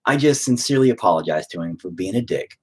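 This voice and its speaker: Late-30s male streamer: husky, animated delivery, blunt profane rant. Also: fairly low pitch, quick pace. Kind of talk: casual rant.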